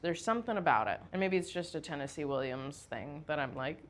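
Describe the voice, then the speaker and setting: A woman's voice: sits low, animated, a little fast, few pauses, a little hiss or hum. A woman hosting a casual theater history talk, chatty and loose, often using "like". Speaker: host.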